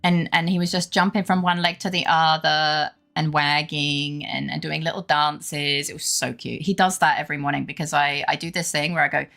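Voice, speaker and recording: A woman's voice: sits low, fairly even intonation, normal speed, vocal fry, few pauses, fairly bright tone. A young woman streaming, chatting casually and rambling fondly about her dog while greeting her chat. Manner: baby-talk voice toward her dog. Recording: faint background music.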